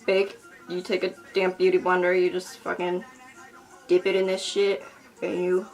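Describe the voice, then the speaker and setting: A woman's voice: fairly low pitch, completely flat delivery, normal speed, darkish tone. A young woman rambling through a casual makeup tutorial in her bedroom, swearing freely and mocking herself as she goes. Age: young adult. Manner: rambling, profane, self-mocking. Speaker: beauty vlogger. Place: bedroom at home.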